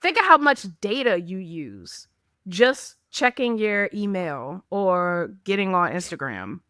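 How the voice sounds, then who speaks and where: A woman co-hosting a podcast in casual, animated chat, laughing often and acting out the texts she quotes. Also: mid-range voice, slow pace, smooth, dry recording, studio quality. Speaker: podcast co-host.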